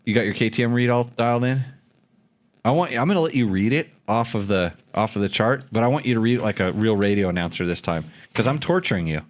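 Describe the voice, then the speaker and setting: A man's voice: lowish voice, fast. A man hosting a casual tech chat show, rambling and joking as he thinks aloud with lots of fillers. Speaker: show host.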